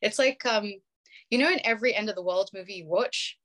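A woman's voice: mid-range voice, brisk, a bit bright. British woman, chatty, laughs often, casual video call, filler-heavy talk. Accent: British English. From United Kingdom.

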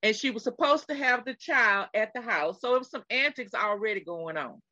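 Texan woman co-host, animated storyteller, bright voice, lo-fi dry recording. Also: fairly quick, no echo. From Texas. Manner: animated retelling, acting out quotes in a high screaming voice. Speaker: podcast co-host. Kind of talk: casual storytelling chat.

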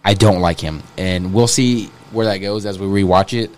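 Laid-back southern guy with a lowish voice, chatting casually from his notes. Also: moderate pace. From American South. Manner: easygoing, reads from his notes. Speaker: podcast co-host. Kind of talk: casual reaction chat.

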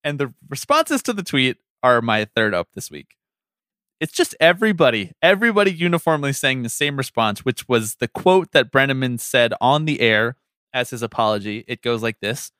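A man's voice: medium pitch, lively intonation, normal speed, a bit bright, clear, resonant tone, no room sound, clean studio sound. A man co-hosting a casual sports podcast, talking loosely and swearing freely. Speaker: podcast co-host.

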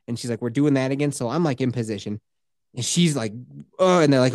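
A man's voice: medium pitch, quick pace, a little mellow, no echo, clean studio sound. A man telling a story in casual chat, swearing freely and acting out the quotes.

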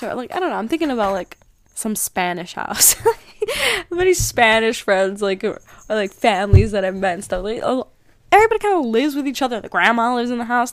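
A woman's voice: on the high side, dry recording. A young woman hosting a podcast, talking casually in a rambling way, full of "like" and restarts. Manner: rambling, filler-heavy, frequent "like". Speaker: podcast host. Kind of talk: casual spiritual monologue.

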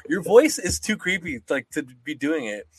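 A man's voice: fairly high pitch, big pitch swings, moderate pace, breathy edge, dry recording. A young man co-hosting a podcast, rambling and joking, swearing freely and mimicking people in casual chat. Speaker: podcast co-host.

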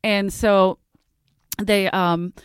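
A woman, swapping stories in a loose, animated chat. Her voice is smooth and clear, recorded dry and close with no room sound. She laughs a lot and puts on the voices of the people she quotes. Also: mid-range voice, extremely slow, no echo. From South Philadelphia. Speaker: comedy podcast host. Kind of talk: casual storytelling chat.

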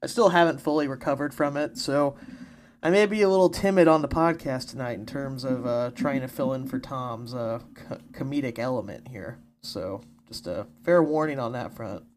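A man's voice: mid-range voice, normal speed, slight background noise. A man co-hosting a casual podcast chat, joking and laughing often. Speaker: podcast co-host.

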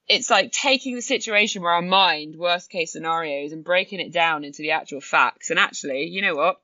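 Woman, podcast guest, bright forceful voice, dry muffled sound. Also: sits low, fairly quick, few pauses, dry recording. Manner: animated, acts out her own inner voice. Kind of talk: conversational storytelling.

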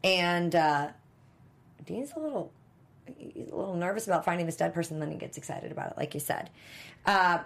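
Woman co-host, slightly low voice, loose filler-heavy recap chat. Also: steady tone, fast. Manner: rambling, filler-heavy storytelling. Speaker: after-show co-host. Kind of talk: casual episode recap chat.

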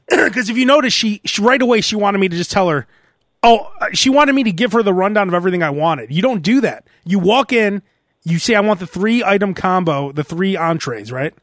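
A man's voice: high voice, a little fast, no room sound, studio quality. A man hosting a podcast, telling stories in a casual comedic chat and laughing often. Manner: animated storyteller, laughs often. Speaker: podcast host.

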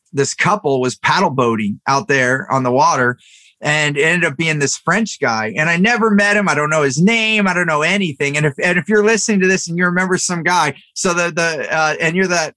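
A man in his thirties or older, a podcast guest, telling a story in an animated way with frequent restarts. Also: on the high side, no room sound. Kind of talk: storytelling interview talk.

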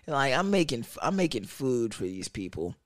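A man's voice: mid-range voice, very animated, normal speed, a bit bright, no echo. A young man telling a profane, slang-heavy story rant.

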